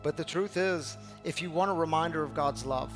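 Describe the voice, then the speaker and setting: A man preaching a sermon as pastor, telling a personal story and moving between hushed, slow passages and loud, emphatic ones. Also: on the high side, over music. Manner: heartfelt, storytelling preacher with repeated phrases.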